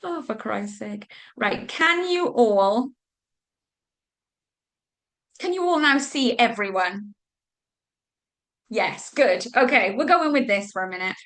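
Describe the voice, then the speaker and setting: A woman's voice: a little high, expressive, slow pace, long pauses, fairly bright tone. A Welsh woman leading a live online business training, talking informally with lots of "like" and "okay" and the odd mild curse. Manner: chatty and informal, with frequent "like" and "okay"; mild swearing when flustered. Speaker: business coach.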